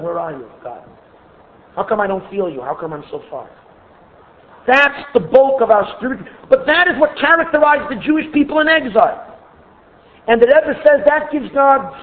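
A man teaching a Torah class in an earnest, expressive way, often repeating words as he restarts. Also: extremely high pitch, a little hiss or hum. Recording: tinny phone-like recording.

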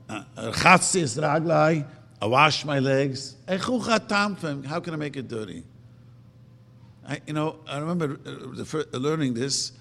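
A man preaching a sermon emphatically, asking rhetorical questions and slowly chanting verses. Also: a little high, creaky, pushed and bright. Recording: long reverb of a hall.

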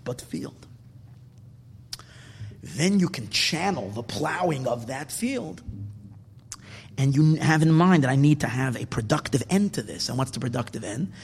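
A man teaching a Torah class as a sermon, swinging from loud emphatic bursts to hushed near-whispers. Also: medium pitch, breathy edge, long reverb tail.

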